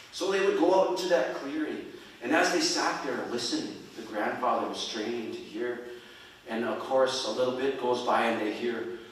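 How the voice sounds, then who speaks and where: A man's voice: medium pitch, normal speed, a little hiss or hum. A man telling stories on stage in a folksy, chuckling way, heard from a distance in a large, echoing hall. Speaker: storyteller and musician. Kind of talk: live stage storytelling. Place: performing arts center stage. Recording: echoey hall from far off.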